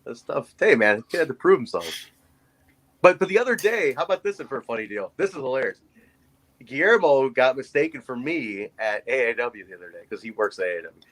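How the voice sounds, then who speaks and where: A man's voice: medium pitch, a little fast, low-quality recording. A man in his forties, a podcast co-host, telling a story in casual chat and acting out the voices of the people in it. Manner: animated storyteller who acts out voices.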